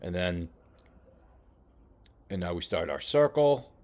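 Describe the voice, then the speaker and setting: A man coaching a boxer while reviewing fight footage, talking casually with many halting restarts. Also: sits low, animated, a little mellow. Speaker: boxing coach. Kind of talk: film study commentary.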